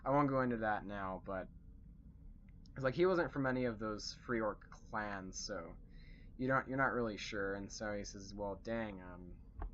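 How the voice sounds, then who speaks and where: A man's voice: lowish voice, moderate pace, fairly bright tone, dull audio, slight background noise. A young man recapping a tabletop game session as its game master, rambling with fillers and self-corrections.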